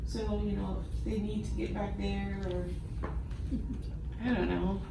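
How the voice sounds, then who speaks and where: A young woman vlogging from a hospital delivery room, talking softly and casually with many fillers while she films on a phone. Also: mid-range voice, little pitch movement, measured pace, creaky. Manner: chatty, gentle, soft-spoken, with fillers. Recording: echoey room, faint background noise.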